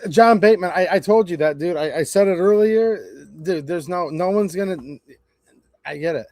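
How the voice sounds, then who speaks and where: A man with a high-pitched voice rants on his live stream, mocking and sarcastic, wandering from point to point. The sound is close and dry, with no room around it. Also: moderate pace, darkish tone, no room sound. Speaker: channel host. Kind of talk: live-stream commentary rant.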